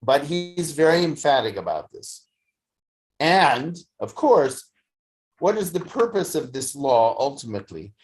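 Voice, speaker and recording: Slow, halting study class teacher. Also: mid-range voice, big pitch swings. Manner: halting, many fillers and restarts. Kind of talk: slow, thoughtful lecture. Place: study session streamed on video call.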